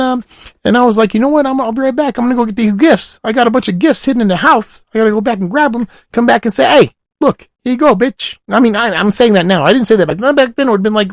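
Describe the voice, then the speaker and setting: A man voicing a raspy, burnt-out party guy who rambles with fillers and asides in a comic monologue. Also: very high-pitched, no echo, clean studio sound.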